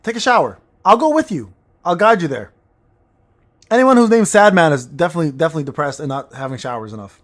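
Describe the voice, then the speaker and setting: A gaming streamer chats loosely with viewers and reads their messages, cracking crude jokes and rambling in between plays. He talks fast in a fairly high voice with big pitch swings.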